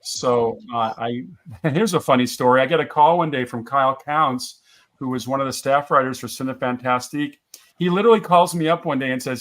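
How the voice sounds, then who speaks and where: A man's voice: medium pitch, a little fast, a bit bright. An older man, a podcaster and film writer, chatting as a guest in a casual interview and telling stories with frequent laughs. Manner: chatty, storytelling, laughs often.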